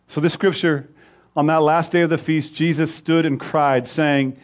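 Middle-aged man preaching, kinda high voice, goes big then real quiet. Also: fairly even intonation, normal speed. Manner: preaching, swells loud on scripture then drops low and soft. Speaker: pastor. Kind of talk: sermon.

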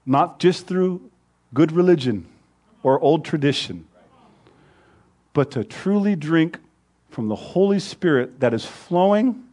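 Middle-aged man preaching, kinda high voice, goes big then real quiet. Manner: preaching, swells loud on scripture then drops low and soft. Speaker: pastor. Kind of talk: sermon.

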